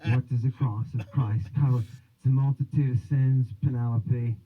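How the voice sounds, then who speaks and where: A man's voice: mid-range voice, level tone, normal speed. A man hosting a livestream, lecturing in a rambling, theatrical way with mocking asides. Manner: theatrical, swinging between musing and mocking asides. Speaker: host of a religion and language livestream. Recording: thin, phone-like sound.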